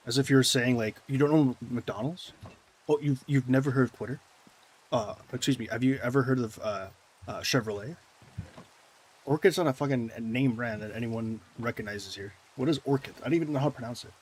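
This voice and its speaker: A man's voice: medium pitch, brisk, husky. A man live-streaming a game, chatting casually with viewers in a sarcastic, mock-indignant way. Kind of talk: casual gameplay stream chat, answering viewers.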